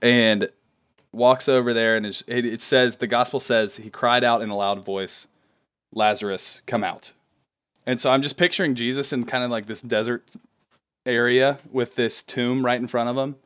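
A young man co-hosting a casual faith podcast, excitable and prone to loud whoops of joy. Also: medium pitch, normal speed, clear, resonant tone. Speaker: podcast co-host. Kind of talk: casual chat.

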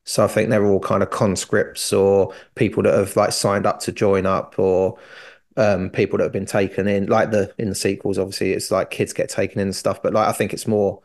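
Gravelly-voiced man joking around. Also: deep voice, flat delivery, a little fast, a little mellow. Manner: jokey, laughs often, says "mate". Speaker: podcast co-host. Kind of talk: casual chat about a TV series.

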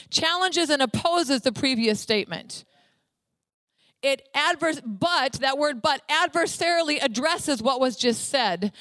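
A woman delivers a sermon in a voice pitched a little high, pressing hard on single words, repeating them and spelling them out. The sound is dry, with no room around it. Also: a bit bright, dry recording. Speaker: preacher.

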